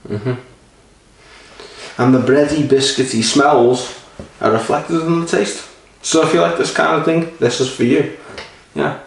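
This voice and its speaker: A man's voice: fairly high pitch, fairly even intonation, unhurried, vocal fry, pauses often, slight background noise. A man rambling casually and swearing while reviewing a beer, a little sleepy. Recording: roomy echo, mic at a distance.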